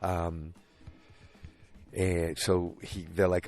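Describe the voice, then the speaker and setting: A man's voice: low-pitched, slow pace, pauses often, a little mellow, no echo. A man hosting a podcast, recapping an episode casually with rambling asides, many fillers and restarts, acting out the characters' lines as he goes. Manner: rambling, retells scenes in quoted voices, many fillers and restarts. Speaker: podcast host.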